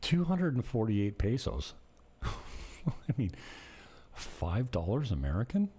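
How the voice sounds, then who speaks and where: Low, dark-voiced man telling stories. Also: huge pitch swings, slow, husky. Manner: rambling, conversational, laughs while telling stories. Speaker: vlogger and property manager. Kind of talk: casual storytelling to camera.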